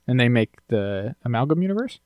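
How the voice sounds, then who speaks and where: A man's voice: medium pitch, big pitch swings, a little fast, no room sound, phone-quality sound. A man co-hosting a podcast in casual chat, chatty and joking as he thinks aloud. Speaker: podcast co-host.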